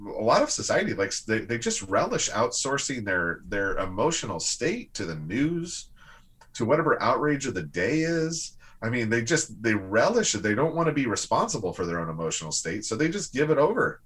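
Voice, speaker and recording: A man in casual conversation, reflective and explanatory, with a husky voice. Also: mid-range voice, very animated, moderate pace, a bit bright. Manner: reflective, explanatory, some restarts.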